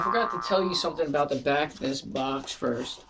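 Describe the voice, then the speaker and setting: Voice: medium pitch, brisk, hardly any pauses, very noisy. A wine reviewer from Philadelphia who talks through a casual product review in a chatty, joking way, with asides and self-deprecating remarks. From Philadelphia, USA.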